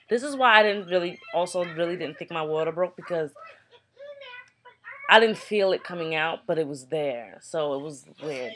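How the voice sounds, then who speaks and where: A young woman with a slightly low voice recounts a personal story to camera in a loose, chatty way. She keeps it animated and slips into the voices of the people in the story. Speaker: vlogger.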